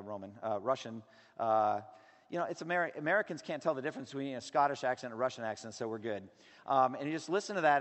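A man preaching a sermon as pastor, earnest and emphatic, sometimes loud and sometimes dropping low. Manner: earnest, emphatic preaching with a wide range of loudness. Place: church sanctuary. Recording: long hall reverb.

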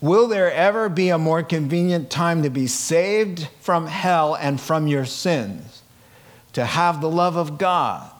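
A man preaching a sermon, swinging from hushed, quiet lines to loud, laughing outbursts. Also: on the high side, lively intonation, slow. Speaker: pastor.

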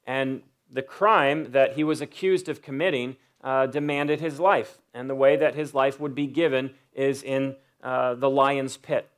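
A man preaching a sermon in an earnest way, often pausing on "uh" and building up to emphatic peaks. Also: mid-range voice, steady tone. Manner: voices imagined inner thoughts of a biblical figure. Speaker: pastor.

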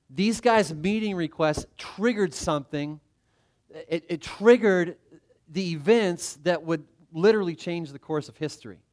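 A middle-aged male pastor giving a conversational sermon, joking about himself and often restarting his sentences. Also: fairly high pitch. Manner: conversational, self-deprecating, with frequent restarts.

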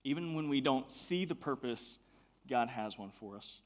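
A man's voice: mid-range voice, lively intonation, moderate pace. A young adult man giving a casual youth sermon in a chatty way. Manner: casual, chatty, many fillers. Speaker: youth pastor.

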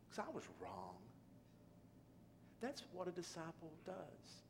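A middle-aged man preaching a sermon, telling a personal story that drops quiet and low, then rises to loud, emphatic pleading. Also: huge pitch swings, slow pace, gravelly, background noise. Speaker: pastor.

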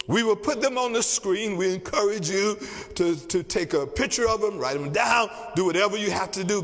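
High-voiced pastor preaching slowly in a hall. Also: male voice, a bit bright, faint music behind. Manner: emphatic, repeats key phrases slowly. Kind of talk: sermon. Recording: long reverb of a large hall.

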